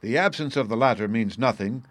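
Guy reading a sharp detective, measured and sure of himself, mid voice, dry close audio. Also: medium pitch, no echo, natural voice. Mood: explaining. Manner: measured, assured, explanatory. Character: sharp, precise male detective, middle-aged.

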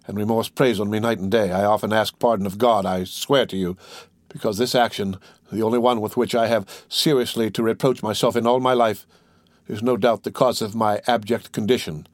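A man's voice: on the low side, steady tone, a little fast, dry recording, close to an everyday voice. A man doing a remorseful, cowardly innkeeper. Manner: confessing, self-pitying. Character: remorseful, cowardly middle-aged male innkeeper.

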